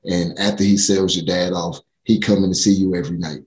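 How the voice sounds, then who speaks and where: An American man speaks earnestly in a casual talk, thinking aloud and often restarting his sentences. His voice sits somewhat low. He sounds reflective rather than showy. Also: fairly even intonation, fairly quick, a little mellow, echoey room, low-quality recording. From United States. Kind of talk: casual chat.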